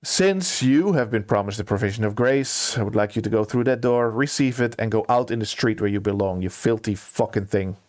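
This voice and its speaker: A man's voice: mid-range voice, measured pace, dry recording, close to an everyday voice. A man voicing a pompous male court steward, theatrical and overwrought, who dotes on his pet bird. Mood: contemptuous. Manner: theatrical, swings from gushing to sobbing to sneering.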